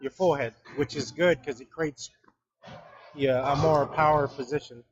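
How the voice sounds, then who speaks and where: A man coaching a student in a relaxed, encouraging way, often trailing off mid-sentence. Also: a little high, measured pace, rough recording. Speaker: bowling coach. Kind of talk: casual coaching talk.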